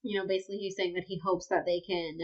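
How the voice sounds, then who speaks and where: A woman, co-hosting a casual book-club podcast, gushing and excitable as she recaps chapters. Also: lowish voice, quick pace. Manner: excitable, gushing, breaks into laughter. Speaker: podcast co-host. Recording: slightly dull lo-fi audio.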